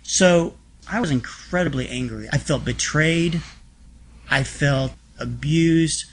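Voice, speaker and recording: A man's voice: a little high, slow pace, husky. Feisty, wisecracking male podcast guest. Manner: feisty, humorous, frank. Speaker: interview guest. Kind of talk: casual storytelling conversation.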